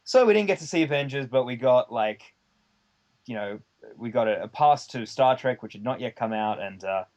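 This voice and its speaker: A man's voice: mid-range voice, expressive, normal speed, darkish tone. A man who is a guest on a podcast, telling a rambling anecdote in casual chat, with lots of fillers and the odd swear word.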